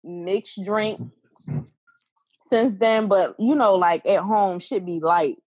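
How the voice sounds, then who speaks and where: Husky-voiced woman cohost, blunt and teasing, dry close sound. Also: medium pitch, slow, a little mellow, dry recording, dull audio. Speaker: podcast co-host. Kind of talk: casual chat.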